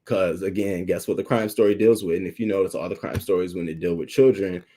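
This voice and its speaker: Low, mellow-voiced man, emotional livestream. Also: fairly even intonation, fast. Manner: candid, emotional, reading and thanking chat names. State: holding back tears. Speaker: YouTube livestream host. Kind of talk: emotional livestream talk to chat.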